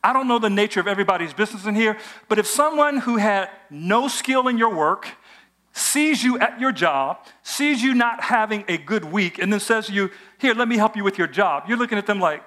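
Bright, animated male preacher. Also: high voice, fairly quick. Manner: animated storytelling, acts out voices of characters. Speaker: pastor. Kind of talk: sermon.

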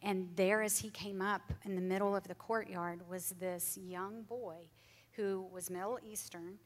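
A woman's voice: mid-range voice, fairly even intonation, a little slow. A woman tells her faith testimony to an audience in an earnest, heartfelt way. Her voice sits in a middle register and now and then sinks to a near whisper. The sound carries the long reverb of a large hall. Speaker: guest speaker sharing her testimony.

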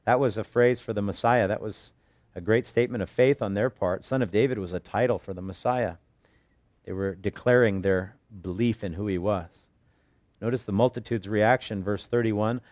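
A man preaching as a pastor, teaching verse by verse and retelling the story with earnest, animated delivery. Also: lowish voice, normal speed, dry recording. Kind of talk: expository Bible teaching.

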